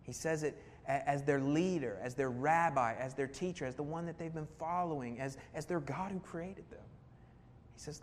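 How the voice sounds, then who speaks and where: A male pastor preaching a sermon earnestly, building emphasis through repetition and rhetorical questions. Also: normal speed. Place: church sanctuary. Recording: reverberant hall with faint rumble.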